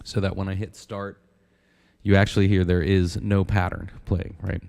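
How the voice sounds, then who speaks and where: A man's voice: sits low, level tone, moderate pace, creaky, darkish tone. A man giving a casual synth tutorial, counting steps aloud and often asking "right?". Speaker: synth instructor.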